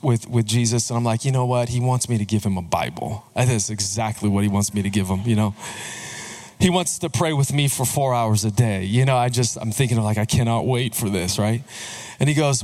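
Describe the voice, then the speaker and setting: A man in his thirties, a pastor delivering a sermon in a conversational, joking way with lively swings in pitch. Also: fairly quick.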